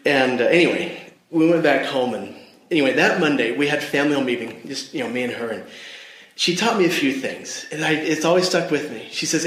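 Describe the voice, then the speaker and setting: A man's voice: medium pitch, a little fast, a bit bright. Male devotional speaker, mid-range voice, earnest storyteller who speaks directly to listeners, reverberant room. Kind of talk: personal story in a church devotional. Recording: echoey room.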